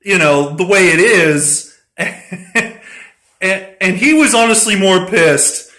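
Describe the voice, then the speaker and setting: A man's voice: high voice, slow, bright, forceful tone. A man casually retelling a tabletop game session, rambling and profane, often breaking into laughter. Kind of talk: casual storytelling.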